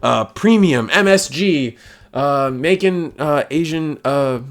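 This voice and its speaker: A man casually commenting on tournament deck lists, rambling and excitable, with frequent restarts and tags like "man". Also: on the high side, slow pace. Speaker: card game content creator.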